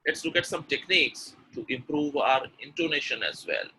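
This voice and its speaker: Male pronunciation coach, bright and forceful, explanatory webinar delivery, faint background hiss. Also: on the high side, normal speed, rough recording. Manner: explanatory, repeats example sentences with exaggerated intonation. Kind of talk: online webinar teaching.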